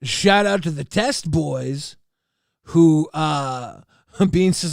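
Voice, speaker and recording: A man's voice: fairly high pitch, slow, gravelly, dry recording, clean studio sound. A man co-hosting a casual livestream chat, laughing often, swearing and reading viewer messages aloud. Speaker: co-host.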